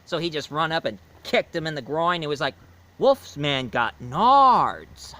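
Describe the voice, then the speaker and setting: Male online movie reviewer, bright and slightly high, loose rambling delivery. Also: steady tone, fast, rough recording. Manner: rambling, chatty, with many fillers and restarts. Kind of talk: casual video film review.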